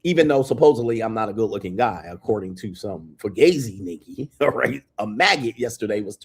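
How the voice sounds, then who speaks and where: A man's voice: fairly low pitch, lively intonation, husky. An American man hosting a live stream from a hotel room, bragging and hyping himself with a long run of titles. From United States. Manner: brash, swaggering self-hype with drawn-out titles. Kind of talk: boastful casual stream talk. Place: hotel room near an airport.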